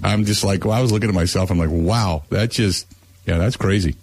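A man's voice: deep voice, a little fast, darkish tone, slightly rough. A man hosting a talk radio show, ranting with sarcastic, fired-up opinions.

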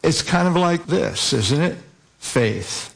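Slow, deliberate male preacher. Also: on the high side, animated, gravelly, husky. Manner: slow, deliberate emphasis, stretching key words. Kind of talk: sermon.

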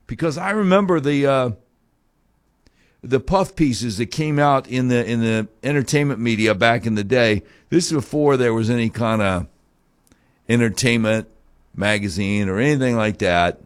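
A man's voice: medium pitch, normal speed. A man hosting a talk show, delivering a heated, sarcastic opinion monologue full of mocking rhetorical questions.

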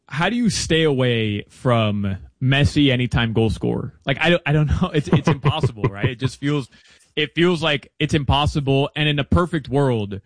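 A man's voice: mid-range voice, no room sound. Fired-up man talking soccer bets. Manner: chatty and animated, fast asides. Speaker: soccer betting guest analyst. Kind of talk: casual interview chat.

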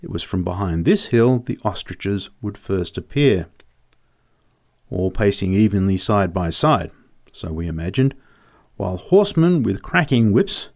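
Low-voiced man telling a story. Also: darkish tone. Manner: vivid, measured storytelling. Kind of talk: reading a humorous memoir story aloud.

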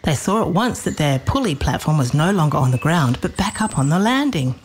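Low-voiced woman reading a children's story. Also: slight background noise. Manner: gentle, expressive, slows on cosy moments.

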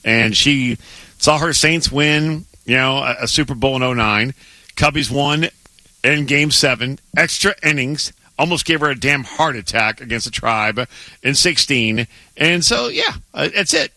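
A man co-hosting a sports radio show, chatting with lots of excitable restarts and stammers. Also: mid-range voice, unhurried, dry recording. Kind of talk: casual sports radio banter. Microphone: studio microphone.

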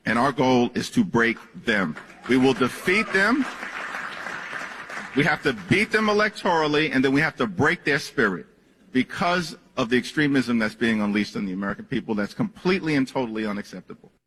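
Male politician at a podium: slightly husky, firm declarative delivery, heard with a lingering hall echo. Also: medium pitch, lively intonation, fairly quick, a bit bright, some chatter behind. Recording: reverberant hall.

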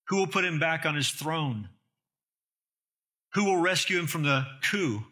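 A man's voice: fairly high pitch, sharp tone. A man preaching an expository sermon, earnest and emphatic, with rhetorical questions to the listeners.

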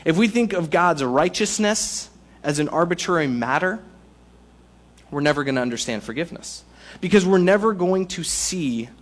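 A man preaching a sermon to a congregation, in a conversational, animated way with playful asides. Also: on the high side. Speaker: pastor.

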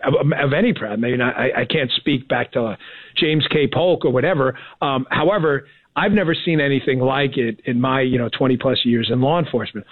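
Excited man on a tinny phone line. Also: mid-range voice, a little fast, no echo. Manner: excited, rambling with many restarts. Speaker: former Secret Service agent guest. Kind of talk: casual interview on radio.

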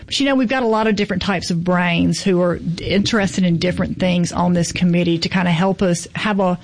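A woman's voice: fairly low pitch, fairly even intonation, brisk. Chatty woman festival organizer. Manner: chatty storyteller, acts out quoted voices. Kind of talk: casual chat.

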